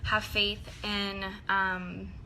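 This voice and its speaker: A woman's voice: mid-range voice, little pitch movement, extremely slow, bright, forceful tone, slight background noise, rough recording. A woman talking casually and earnestly to her sales team, rambling with lots of ums. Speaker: team leader addressing her downline.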